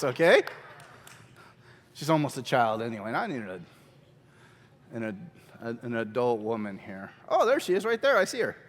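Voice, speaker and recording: A man leading a church skit class, coaxing volunteers in a lively way and laughing often. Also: fairly high pitch, in a large hall, slight background noise. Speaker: drama workshop teacher. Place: church hall.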